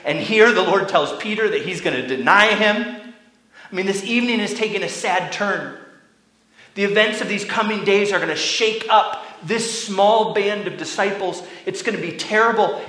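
Young male pastor, animated sermon storyteller, bright lightly raised voice, roomy echo. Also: high-pitched. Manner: animated storytelling, acting out quoted lines, drops to a whisper.

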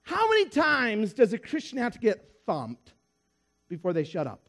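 High-voiced animated preacher man. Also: normal speed. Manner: animated storyteller acting out dialogue. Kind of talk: sermon with storytelling.

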